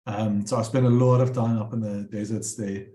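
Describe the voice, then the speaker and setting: A man's voice: on the low side, steady tone, moderate pace, mellow, echoey room. A man presenting his bird paintings, telling rambling anecdotes with many fillers and restarts. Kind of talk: casual storytelling talk.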